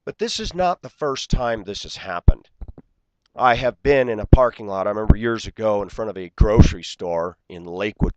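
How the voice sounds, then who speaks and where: A vlogger in his forties with a lowish voice rants indignantly through an aggrieved story, acting out the dialogue. The audio is poor but has no echo.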